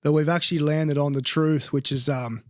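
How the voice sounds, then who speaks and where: A man's voice: on the high side, fairly even intonation, normal speed, no room sound, clean studio sound. A man hosting a podcast who chimes in with short affirmations and wraps up the conversation. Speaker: podcast host. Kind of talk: casual interview chat.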